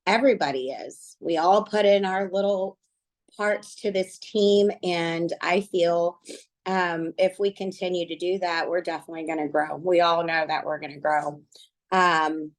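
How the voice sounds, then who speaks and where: A middle-aged woman with a lowish voice speaks earnestly in a relaxed group discussion. She reflects slowly and sincerely, pausing often with fillers as she gathers her thoughts. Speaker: book club team member. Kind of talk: casual online group discussion.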